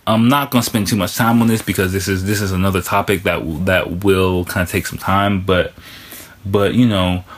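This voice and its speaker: A man's voice: low voice, steady tone, normal speed, husky. A man hosting a podcast, talking candidly in a casual monologue and swearing freely as he speaks. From foreign resident of Japan.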